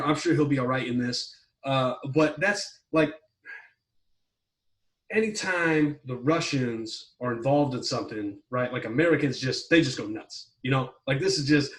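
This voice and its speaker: Fast-talking rambling man, a bit off-mic. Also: mid-range voice, fairly bright tone, recorded from a distance, rough recording. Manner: rambling, heavy on fillers, swears when worked up. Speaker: podcast co-host reviewing a movie plot. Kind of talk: casual chat.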